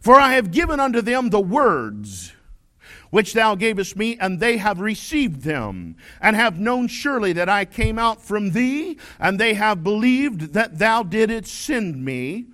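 A male pastor preaching a sermon, stressing his points and reading scripture slowly. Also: sits high, sing-song. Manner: preaching with rising shouted emphasis and slow scripture reading.

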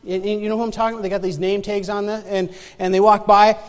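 High-voiced pastor in a reverberant hall. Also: male voice, little pitch movement, quick pace, clear, resonant tone. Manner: conversational storytelling, often restarts and repeats words; asks the congregation direct questions. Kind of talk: sermon.

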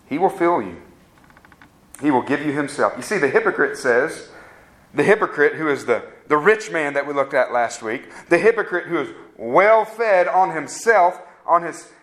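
Male preacher with a fairly high voice, delivering an earnest, pleading sermon. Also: fairly bright tone. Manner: pleading, earnest appeals with rising questions.

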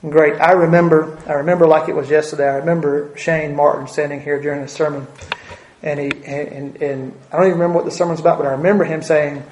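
A preacher gives a sermon in a church sanctuary, his slightly high, darkish voice fairly quick and steady in tone, with a roomy echo and slight background noise. Earnest throughout, he repeats key phrases for emphasis and adds folksy asides.

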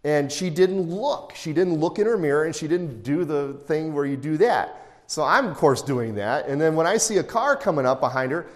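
A man's voice: fairly high pitch, animated, moderate pace. Middle-aged male pastor in a reverberant hall. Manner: conversational, anecdotal, with asides and chuckles. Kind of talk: expository sermon. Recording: long reverb in a large hall.

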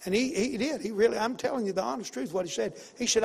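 Man, pastor, sermon storytelling, repeats himself for emphasis, high pitch. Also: fast, creaky, few pauses, breathy edge, in a large hall. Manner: folksy, emphatic, repeats phrases, swings from loud to hushed.

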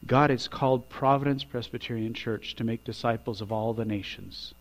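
Pastor guy preaching, gets loud and pushy then drops soft, mid voice, faint mains hum behind. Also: mid-range voice, normal speed. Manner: builds to loud emphatic peaks, drops quiet on endings. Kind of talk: sermon.

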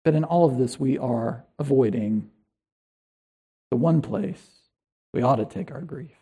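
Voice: medium pitch, expressive, a little slow, dark tone, husky. A pastor preaching a sermon in an earnest, conversational way, often asking the listeners questions.

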